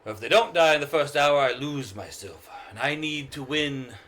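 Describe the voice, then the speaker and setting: A man's voice: mid-range voice, lively intonation, normal speed, fairly bright tone, a little hiss or hum, close to an everyday voice. A man voicing a desperate, defensive old male gambler who stammers and pleads. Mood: explaining.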